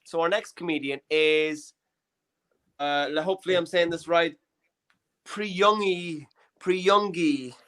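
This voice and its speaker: A man emcees a comedy night in a loose, rambling way, quick with self-deprecating jokes. His voice sits a little higher than most men's. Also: fairly even intonation, a bit bright, smooth. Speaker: comedy show host. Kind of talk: casual chat on an online comedy show.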